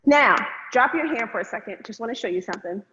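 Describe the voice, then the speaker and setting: Peppy lady dance teacher counting beats, kinda high voice, echoey dull lo-fi sound w/ faint hiss. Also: expressive, fast, fairly bright tone. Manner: upbeat, counting beats aloud. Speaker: dance instructor. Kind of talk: online dance class. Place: room, virtual class.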